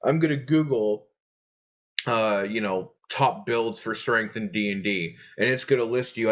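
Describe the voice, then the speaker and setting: A man's voice: mid-range voice, moderate pace, fairly bright tone. A young adult man hosting a tabletop game channel, giving players tips in an earnest, chatty way full of fillers and restarts. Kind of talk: casual explanatory talk to camera.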